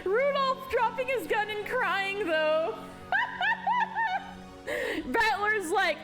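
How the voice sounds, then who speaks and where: High, lively woman streamer over game music. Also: drawn-out words, long pauses. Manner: animated, profane casual commentary. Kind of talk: live game playthrough, reading text aloud and reacting.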